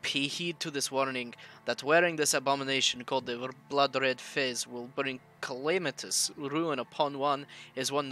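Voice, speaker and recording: Man doing a russian accent, scholar, solemn dramatic reading, very bright tone. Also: medium pitch, natural voice, poor audio. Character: Russian scholar reading an occult manuscript aloud.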